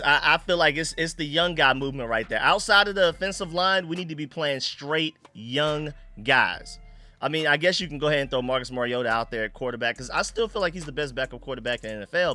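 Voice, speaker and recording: A man hosting a casual sports fan live stream, excitable and slangy, greeting chat viewers by name. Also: medium pitch.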